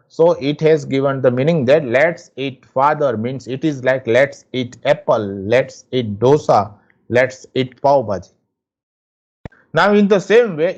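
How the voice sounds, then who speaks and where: A man teaching a lesson from slides, explaining slowly and repeating himself. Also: mid-range voice, a little mellow, highs cut off. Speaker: English teacher. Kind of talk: slide lecture.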